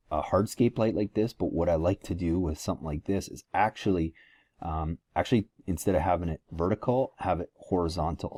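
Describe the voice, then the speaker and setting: A very deep, dark-toned man talks through a lighting consultation in an easygoing, halting way, restarting his sentences and filling pauses with "um". His voice sounds dry and close to the mic. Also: no room sound. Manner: casual, hesitant, many fillers and restarts. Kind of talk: walkthrough consultation voice-over.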